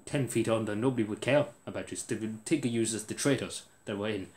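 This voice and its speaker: A man's voice: fairly low pitch, fast talker, a little mellow. An Irish man delivering an indignant political rant to camera, repeating himself for emphasis. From Ireland.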